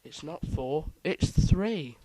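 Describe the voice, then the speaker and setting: Hosting a laid-back quiz, a man with a warm, expressive voice on the higher side reads the answer choices slowly and jokes along the way. The recording is low quality, with no echo.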